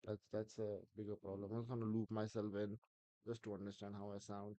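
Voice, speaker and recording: A man chatting on a live stream, thinking aloud and halting with restarts. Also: lowish voice, completely flat delivery, mellow, dry recording. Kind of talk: casual live-stream talk.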